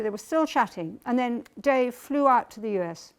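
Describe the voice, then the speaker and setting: A woman historian giving a public book talk, telling the story in a measured way and reading quoted testimony aloud. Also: fairly high pitch, lively intonation. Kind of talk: public lecture.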